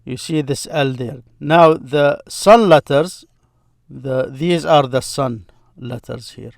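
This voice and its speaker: Slow, patient male teacher. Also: medium pitch, gravelly, dry recording, studio quality. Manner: slow and patient, repeats words to model pronunciation. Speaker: Arabic teacher. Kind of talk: screen-share grammar lesson.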